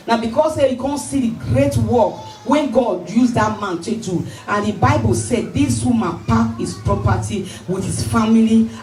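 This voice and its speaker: Woman, pastor, sermon, shouted exhortations, echoey church hall, distant mic, faint hiss. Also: mid-range voice. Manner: rising to shouted exhortations, calls for hallelujah.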